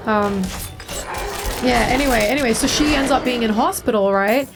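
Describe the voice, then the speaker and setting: A woman's voice: on the high side, moderate pace, music in the background. A woman streamer chatting frankly about her life while she plays, full of filler words. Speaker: game streamer. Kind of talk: casual storytelling while gaming.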